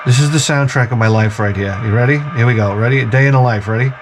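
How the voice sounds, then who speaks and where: A man's voice: medium pitch, fast, noisy background. A man hosting a podcast in a casual comedic rant, sarcastic, mocking and full of profanity. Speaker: podcast host.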